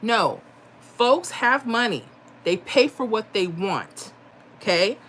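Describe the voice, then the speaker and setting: A woman's voice: fairly high pitch, lively intonation, takes it slowly, fairly bright tone, a little hiss or hum. Chatty woman hosting a livestream. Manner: chatty, reads viewer comments aloud. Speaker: livestream host giving lottery picks. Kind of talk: casual live chat. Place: home.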